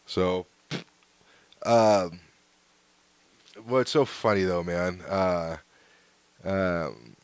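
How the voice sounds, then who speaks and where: A man's voice: low-pitched, very slow, pauses often, clear, resonant tone, dry recording. A man hosting his own podcast, rambling casually through hate mail with lots of fillers and chuckles. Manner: laid-back and rambling, with frequent fillers and chuckles. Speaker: podcast host.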